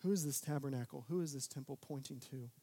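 A young man preaching a sermon, talking casually, then building to loud, emphatic peaks. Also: mid-range voice, fast, slightly rough. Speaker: pastor.

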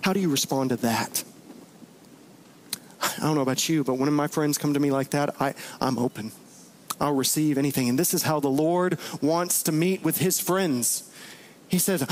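A man's voice: a little high, moderate pace, pauses often, a little hiss or hum. A man preaching a conversational sermon, full of rhetorical questions. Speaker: pastor.

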